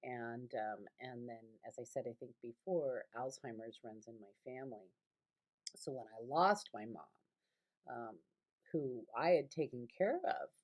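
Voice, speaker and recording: This college instructor, a middle-aged woman with a very deep and slightly mellow voice, teaches a recorded online lecture from home in a rambling, conversational style packed with fillers and false starts.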